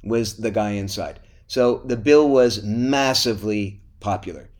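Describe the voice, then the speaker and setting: Animated man telling history on a podcast. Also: on the low side, unhurried. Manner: animated storyteller, teasing and playful. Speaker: podcast host. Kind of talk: casual history podcast chat.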